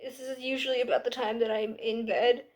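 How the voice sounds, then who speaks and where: A woman with a somewhat high voice chats through a book review vlog. She sounds tired and exasperated, with sarcastic asides and plenty of "like" fillers. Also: flat delivery, fairly quick. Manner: chatty with many "like" fillers. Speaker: book club host.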